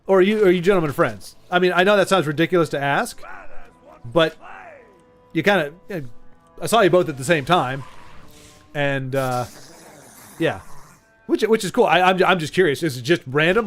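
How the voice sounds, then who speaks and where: A man's voice: a little high, fairly bright tone. A man chatting casually with viewers while streaming a game, rambling and stumbling over his words. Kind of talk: casual live-stream chat while gaming.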